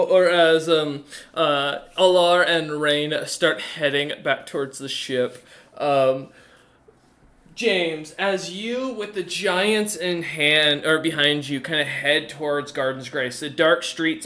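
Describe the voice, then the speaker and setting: A man's voice: on the high side, a bit bright. A man casually narrating a tabletop game as game master, with many fillers and restarts. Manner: casual, hesitant, lots of fillers.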